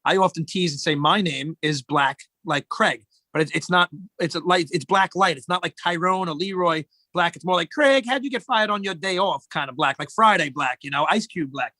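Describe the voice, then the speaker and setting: A man's voice: on the high side, normal speed, hardly any pauses, sharp tone, dry recording. A middle-aged man, a guest in casual chat, telling rambling joking stories.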